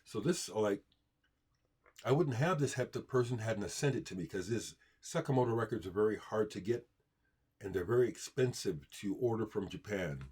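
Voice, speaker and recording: A man hosting a casual livestream, rambling about records and answering viewer comments out loud. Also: lowish voice, expressive, moderate pace, breathy edge. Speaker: livestream host showing records.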